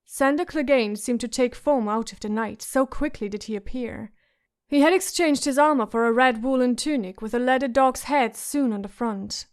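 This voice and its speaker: A woman narrating a fantasy audiobook in a measured, even storytelling manner. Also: on the high side. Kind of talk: scripted narration.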